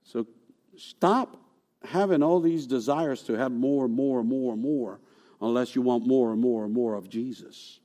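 A man preaching a sermon in an animated way. He asks rhetorical questions and repeats words for emphasis. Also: medium pitch, unhurried. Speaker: pastor.

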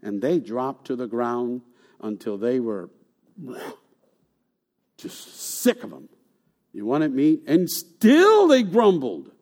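A male pastor preaches an animated sermon, asking rhetorical questions and repeating words for emphasis. He speaks slowly in a mid-range voice.

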